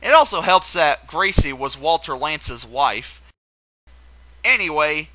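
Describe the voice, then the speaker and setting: A young man with a high, bouncing voice runs through a countdown with eager enthusiasm and playful asides. His tone is bright and sharp, recorded close in a dry, small room. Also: dry recording, rough recording. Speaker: video host. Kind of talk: countdown commentary.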